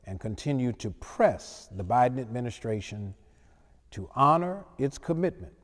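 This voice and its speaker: A man hosting a short scripted commentary segment, reading in a measured, formal way. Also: mid-range voice, a little mellow, big-room sound. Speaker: radio commentary host.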